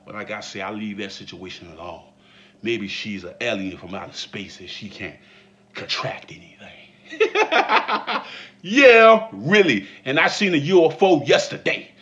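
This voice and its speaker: A man giving a comedic commentary vlog, laughing and breaking into mock shouts. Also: lowish voice, lively intonation, unhurried, muffled recording. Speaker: vlogger.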